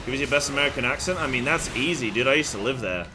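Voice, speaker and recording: Distracted quiet male gamer streaming. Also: mid-range voice, expressive, very fast, background noise. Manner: quiet, distracted, repeats himself. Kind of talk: casual live-stream chat while gaming. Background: game music.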